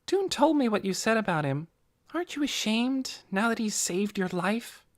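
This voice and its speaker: A man doing a young girl, indignant, pressing, high voice, very lively pitch, dry audiobook sound. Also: normal speed. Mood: accusing. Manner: pressing, accusing.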